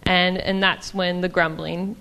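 A woman's voice: lowish voice, level tone, unhurried, creaky, pushed and bright, clear, resonant tone, big-room sound. A woman giving a casual, chatty sermon in a church, with frequent ums and small laughs. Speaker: church speaker.

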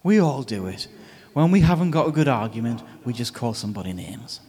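A man delivers a sermon in an informal, storytelling manner, unpacking a passage as if chatting with friends. His voice sits at an ordinary middle pitch, and he chuckles often as he goes. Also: expressive, brisk, mellow. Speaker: preacher. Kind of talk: conversational sermon on a scripture reading.

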